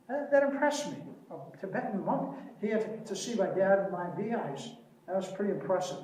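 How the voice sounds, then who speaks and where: New man, folksy beekeeping speaker, high-pitched, distant mic in a reverberant room. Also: expressive. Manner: folksy storyteller, slows down and softens for anecdotes. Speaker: beekeeper giving a library talk. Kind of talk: informal public presentation. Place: library meeting room. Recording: echoey room from far off.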